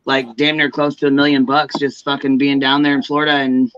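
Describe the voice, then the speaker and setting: A man speaking in a flat, smooth monotone, casual and a bit profane. His audio is dull and lo-fi, as if from a cheap mic. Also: mid-range voice, fairly quick, no echo. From Chicago area. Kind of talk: casual podcast chat.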